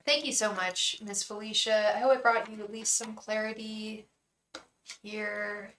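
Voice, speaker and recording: A woman's voice: medium pitch, flat delivery, a little slow, fairly bright tone, far from the mic. A woman chatting casually on a live tarot stream from her room at home, often cooing baby talk at her cat. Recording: echoey room, voice off-mic, faint noise.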